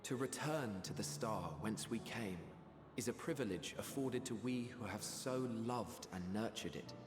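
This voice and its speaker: Serene ancient sage played by a man, slightly low, reverent and measured, for a game scene. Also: lively intonation, natural voice. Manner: measured, archaic, reverent speech. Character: solemn, serene ancient male scholar. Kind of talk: video game voice acting. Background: game score music.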